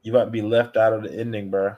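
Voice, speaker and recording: A man's voice: fairly low pitch, flat delivery, rapid-fire, muffled recording. A man in casual sports chat, laid-back and joking.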